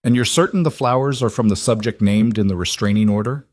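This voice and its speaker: A man voicing a calm, careful young police officer in a narrated story, speaking in a measured, official way. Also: fairly low pitch, no room sound, studio quality, natural voice.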